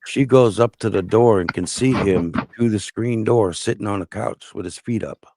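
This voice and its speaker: In casual conversation, a guest telling his life story shares a family tale in a blunt, profane way. His voice is lowish and gravelly, his pace moderate, and there is noise in the background.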